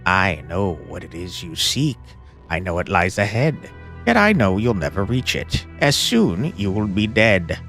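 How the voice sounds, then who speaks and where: A man's voice: low voice, big pitch swings, a little slow, a bit bright, soft background music, voice pushed down, heavily acted. A man voicing a sing-song male demon that has possessed a young man, taunting in a lilting voice.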